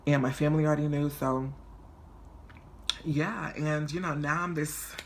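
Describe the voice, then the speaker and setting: A man in his twenties telling a personal story on his vlog in a chatty, flamboyant and animated way. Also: on the high side, moderate pace, a little hiss or hum. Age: 20s. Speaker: vlogger.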